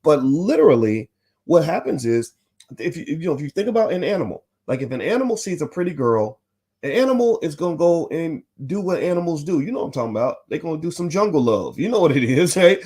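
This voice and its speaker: A man hosting a livestream commentary, animated and preachy, who speaks straight to his chat. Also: on the high side, fast, slightly rough. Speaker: host.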